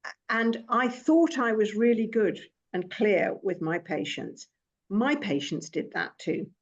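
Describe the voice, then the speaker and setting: Woman guest, compliance consultant, gravelly voice, chatty storyteller, lo-fi sound. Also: mid-range voice, expressive, a little slow. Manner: chatty, many restarts, storytelling. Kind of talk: casual professional conversation. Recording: dull lo-fi sound.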